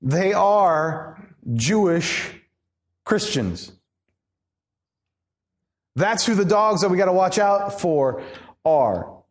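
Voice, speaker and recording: A man pastor preaching a sermon in an animated, conversational way, asking the congregation questions. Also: high voice, very slow, pauses often. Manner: animated, conversational, acts out quoted voices.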